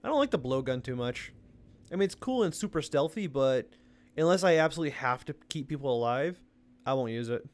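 A man's voice: medium pitch, animated, brisk, darkish tone. A young man giving casual let's-play commentary, rambling and mocking himself as he goes. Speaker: gaming video host.

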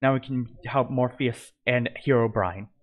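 A man's voice: medium pitch, a little slow, narrow, tinny audio, lightly acted. Eager young adventurer, read by a man. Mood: plain.

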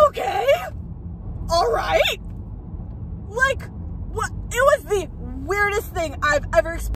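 A woman vlogger telling a rambling, excitable story while driving, with many fillers. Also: extremely high pitch, a little slow, long pauses. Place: inside a moving car. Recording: loud car road noise.

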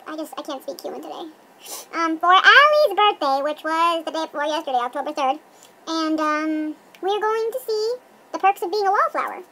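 A young woman rambling in a goofy, self-mocking way in a casual vlog from her bedroom, her voice run through a chipmunk pitch-up filter. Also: animated, normal speed, pushed and bright. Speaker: vlogger.

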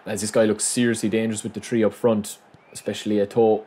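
A man giving live gameplay commentary, swinging between hyped shouting and low muttering as he plays. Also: little pitch movement, normal speed, long pauses. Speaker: gaming commentator.

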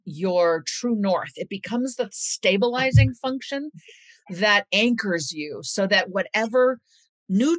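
A woman's voice: medium pitch, fairly bright tone, no room sound. A middle-aged woman author talking earnestly in an interview and reading a passage aloud in a storyteller's cadence. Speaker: author and guest.

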